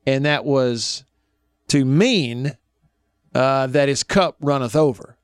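A man's voice: medium pitch, takes it slowly, clean tone, no room sound. Man, radio host, casual storytelling, laughs a lot, dry close sound. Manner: storytelling, folksy, laughs often.

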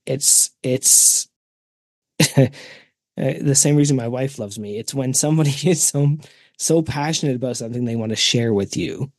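A man co-hosting a podcast in casual chat, animated and laughing often, swearing freely. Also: medium pitch, dry recording. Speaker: podcast co-host.

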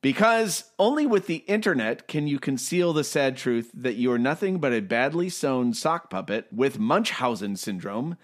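A man's voice: mid-range voice, lively intonation, normal speed, hardly any pauses. A man co-hosting a casual chat, sounding incredulous and rambling. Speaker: co-host.

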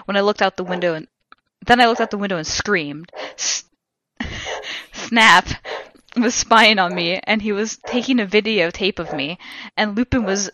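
Bright-voiced woman reading aloud deadpan. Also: medium pitch, dry recording, highs cut off. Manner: deadpan reading broken by laughter. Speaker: podcast co-host. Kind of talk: comedic dramatic reading.

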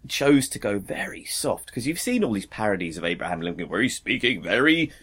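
A man, a guest on a podcast, talking about a film in a thoughtful, measured way. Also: on the low side, very animated, fairly bright tone, slightly rough. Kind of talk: casual film discussion.

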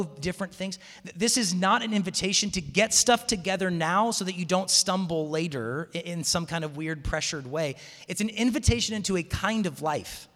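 A man's voice: high-pitched, a bit bright. A man from the Seattle area giving a conversational sermon to students in a large hall, telling stories animatedly with frequent restarts. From Seattle area, USA. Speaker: campus minister speaking to students. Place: large hall with live audience. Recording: long hall reverb.

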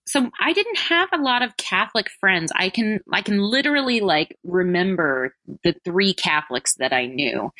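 A woman's voice: mid-range voice, pushed and bright, dry recording. A woman being interviewed, talking casually and animatedly with self-deprecating asides. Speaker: interview guest.

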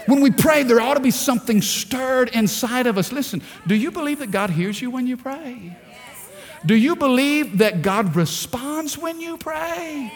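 High-voiced fervent male preacher in a hall. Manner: fervent, repeats words, rhetorical questions to the congregation. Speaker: pastor. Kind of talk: sermon. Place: large church hall.

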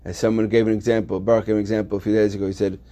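Man, yeshiva teacher, Torah class, lowish voice, restarts often, explains step by step. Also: level tone, rapid-fire, dark tone. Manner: explains step by step with frequent restarts, reading Hebrew texts aloud.

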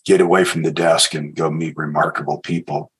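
A man hosting a podcast interview, asking questions in a measured, affirming way. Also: very deep voice, flat delivery, breathy edge, poor audio. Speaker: podcast host.

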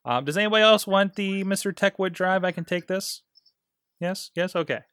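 A man's voice: sits high, brisk, fairly bright tone, clean tone, no room sound, studio quality. A man hosting a wrestling podcast in casual chat, loose and rambling with many fillers and restarts. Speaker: podcast host.

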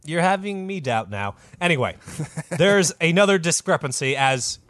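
A man hosting a casual podcast, telling a historical story with animated delivery and plenty of cursing. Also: on the high side, normal speed, dry recording, studio quality. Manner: animated, lively delivery with sudden voice put-ons.

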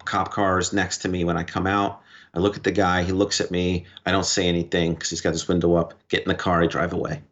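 Guy with a lowish voice telling a story on a podcast, lots of quoting back and forth, kinda muffled dull audio. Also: little pitch movement, a bit bright. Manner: recounts events in quick short bursts, quoting dialogue. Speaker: podcast guest. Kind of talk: conversational storytelling. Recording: dull lo-fi recording.

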